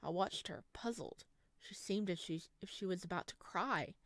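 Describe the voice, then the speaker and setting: A woman reading a visual novel aloud, narrating and reacting out loud between lines. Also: lowish voice, normal speed, dry recording, clean studio sound.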